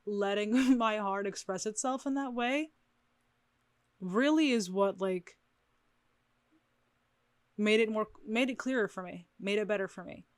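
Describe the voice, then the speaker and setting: A woman's voice: mid-range voice, a little slow, long pauses, no room sound. Chatty young woman, dry close sound. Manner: chatty, rambling, self-reflective, laughs often. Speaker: vlogger. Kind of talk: casual chat to camera. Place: her bedroom setup.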